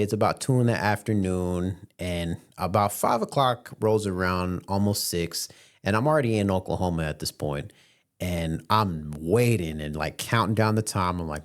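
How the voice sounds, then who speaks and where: A man in his late twenties hosting a podcast, telling a story in a laid-back, slangy way with many fillers. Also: fairly low pitch. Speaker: podcast host. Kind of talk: casual storytelling.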